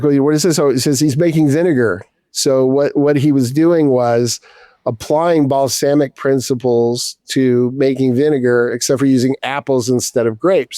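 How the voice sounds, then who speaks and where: A man's voice: mid-range voice, mellow, clean tone, dry recording, clean studio sound. A man in his fifties, a distiller guest, telling a casual story with a rambling flow, many restarts and casual swearing.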